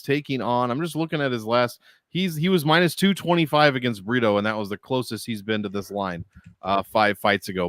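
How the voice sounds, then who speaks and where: A man of middling pitch talks in an easygoing, relaxed way, reading betting odds and lines as he co-hosts a podcast. The recording is dry and close, with no room sound. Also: dry recording. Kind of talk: casual chat.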